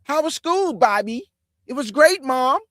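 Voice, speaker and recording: A man's voice: very high-pitched, animated, measured pace, a bit bright, dry recording, clean studio sound, voice pushed up, exaggerated voice. A man putting on a mocking, sing-song voice of a cheerful suburban teen boy. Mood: chirpy. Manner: chirpy, exaggerated, sing-song.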